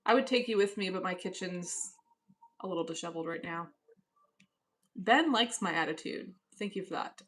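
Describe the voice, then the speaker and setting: A woman talking straight to her live chat from home, unhurried and offhand. She sounds cool and a little dismissive as she answers viewers. Her voice sits in a plain middle register. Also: mid-range voice, fairly bright tone. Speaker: live stream host reading chat. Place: at home, indoors.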